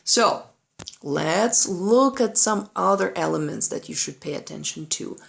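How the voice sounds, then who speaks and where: A woman's voice: lowish voice, animated, measured pace, gravelly. A woman piano teacher giving a play-along lesson, patiently explaining and counting rhythms aloud, with a piano playing behind her. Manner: patient, checks in with "right?" often; counts and sings rhythms aloud while demonstrating. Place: room with a piano.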